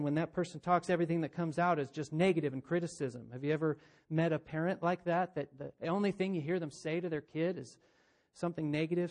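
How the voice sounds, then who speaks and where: A man's voice: high-pitched, darkish tone. A man preaching a sermon, earnest and questioning, often voicing imagined listeners as he speaks. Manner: earnest, uses rhetorical questions and quoted voices. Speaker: pastor.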